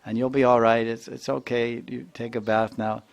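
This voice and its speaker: A man's voice: medium pitch, animated, normal speed, pitched above the performer's own voice. A man putting on the voice of a loving mother who coaxes and fusses over her small son. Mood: coaxing. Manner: coaxing, doting.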